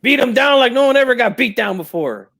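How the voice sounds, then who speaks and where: A man's voice: very high voice, expressive, fairly quick, creaky, fairly bright tone, heavily acted. Man doing a tipsy bragging boxing dad. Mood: wounded, tipsy. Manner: tags nearly every phrase with "eh?", drops Spanish slang. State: drinking, tipsy. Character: boastful tipsy older boxing dad, proud and touchy. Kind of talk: comic impression.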